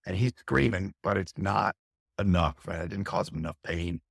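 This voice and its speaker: A man's voice: low-pitched, normal speed, creaky, breathy edge, no room sound, studio quality. A middle-aged man, a fire captain, recounting a harrowing experience intensely and candidly in an interview, often restarting his phrases. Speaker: fire captain, podcast guest.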